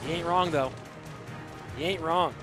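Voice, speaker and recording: An American esports caster with a voice on the high side speaks unhurriedly while music plays in the background. Casting a live video game tournament, he chats with his audience between plays, reading out and answering chat messages.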